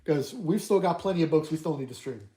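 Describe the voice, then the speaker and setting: A streamer reads an interactive horror book aloud to an online audience. Her or his mid-range voice has a mellow, darker tone, and the delivery is brisk yet steady and even.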